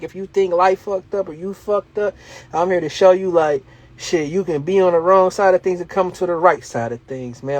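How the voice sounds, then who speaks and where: A man's voice: a little high, darkish tone. Slangy motivational man on a livestream. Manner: slangy, streetwise, motivational, laughs often. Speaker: livestream host, reselling coach. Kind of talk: casual livestream talk.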